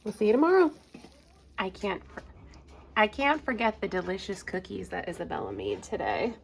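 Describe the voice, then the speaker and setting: A woman in her thirties chatting casually through a home cooking vlog in her kitchen, relaxed, with small laughs and fillers. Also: mid-range voice, moderate pace, vocal fry, background noise. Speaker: homestead cooking vlogger.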